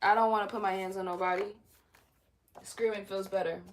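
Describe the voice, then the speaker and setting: A woman's voice: mid-range voice, steady tone, a little fast. A young woman hosting a spiritual self-help talk from home, mixing blunt, profane, laughing chatter with read-aloud guidance. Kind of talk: casual spiritual pep talk to viewers.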